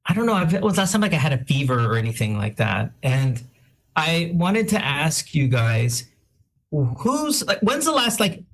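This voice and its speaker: A male radio host in casual chat, reading out listener shout-outs with quick self-deprecating asides and a slightly sick-sounding voice. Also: a little high, very animated. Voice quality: says he sounds a bit sick.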